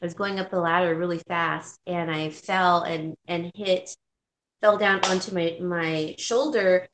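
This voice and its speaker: A woman's voice: on the low side, fairly even intonation, measured pace, a bit bright, a little hiss or hum. Chatty woman in a roomy space. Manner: chatty storytelling with fillers and laughs. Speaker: guest. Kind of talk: casual chat.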